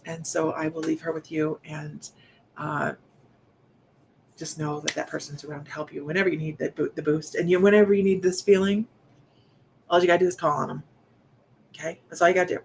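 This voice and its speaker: Soft-spoken woman medium, halting. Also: sits low, fairly even intonation, vocal fry, slight background noise. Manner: soft, halting delivery with many restarts; speaks straight to viewers. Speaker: psychic medium. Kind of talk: live-streamed psychic reading.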